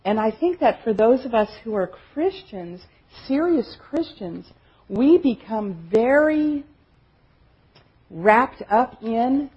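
Earnest woman preaching, husky lo-fi. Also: on the high side. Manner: earnest, emphatic, repeats phrases for effect. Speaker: conference speaker. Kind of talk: sermon-style teaching talk. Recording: dull, lo-fi recording.

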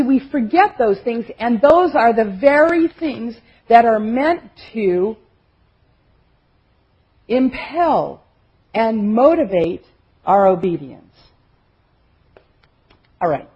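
A woman's voice: on the high side, husky. A woman giving an earnest, emphatic teaching talk at a conference, repeating phrases for effect. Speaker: conference speaker. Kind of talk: sermon-style teaching talk. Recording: dull, lo-fi recording.

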